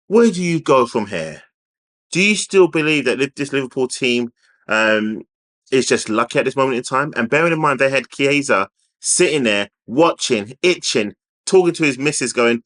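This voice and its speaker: A man with a bright, forward voice talks through a football result on his own channel. He is opinionated and emphatic, circling back to hammer his points home. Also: mid-range voice, moderate pace. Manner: opinionated, emphatic, repeats himself for stress. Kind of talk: unscripted opinion vlog.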